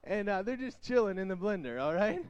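A young man speaks to a youth crowd with animated storytelling, voicing the people in his tales. His voice sits high for a man, and the recording is dry and close. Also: a little fast, no room sound. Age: young adult. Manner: animated storytelling, acts out quotes. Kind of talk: energetic youth sermon.

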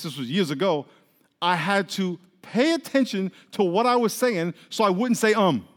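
Animated pastor preaching in an echoing hall. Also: male voice, sits high. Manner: animated, acts out quoted voices. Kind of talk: sermon. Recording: long reverb of a large hall.

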